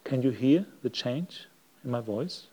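Monk giving a sermon, mellow male voice, slow and reflective with long pauses. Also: medium pitch, expressive, husky. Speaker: Buddhist monk giving a Dhamma talk. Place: monastery hall.

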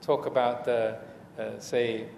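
A man teaching as a Buddhist monk in a dharma talk, speaking hesitantly with many fillers and restarts and gentle humor. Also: mid-range voice, flat delivery, slow, gravelly. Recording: echoey hall, faint room noise.

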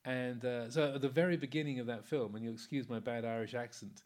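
Here a monk in his sixties speaks casually about the Dharma, relaxed and anecdotal, with lots of fillers and chuckles throughout. He talks fast at a medium pitch.

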